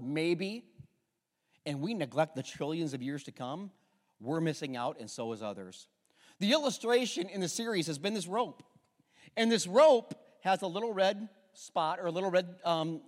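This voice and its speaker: A man preaching a sermon as a pastor, telling stories in a lively way and having the congregation repeat phrases after him. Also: on the high side. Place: church sanctuary. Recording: long reverb of a church hall.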